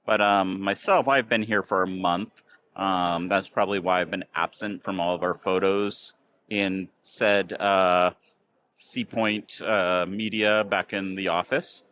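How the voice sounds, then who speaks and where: A fairly low-pitched American man talks in a loose, casual way. He hosts the chat and wanders through his stories with plenty of ums and restarts. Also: steady tone, measured pace, a bit bright, smooth. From United States. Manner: rambling, filler-heavy storytelling. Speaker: podcast host. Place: outdoors near a train station.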